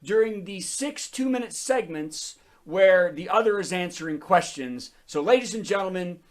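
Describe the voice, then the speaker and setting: Lively self-mocking comedy host, man. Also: sits high, moderate pace. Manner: self-deprecating, laughs at own jokes. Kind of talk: stand-up jokes on a video call.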